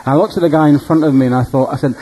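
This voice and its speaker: A male preacher telling dream stories in a sermon, animated and humorous. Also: a little high, racing, husky, rough recording. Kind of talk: storytelling sermon.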